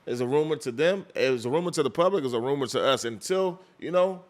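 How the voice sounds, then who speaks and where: Animated man talking at length. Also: medium pitch, fast. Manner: animated, repeats and restarts phrases. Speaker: record label executive. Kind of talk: casual interview talk.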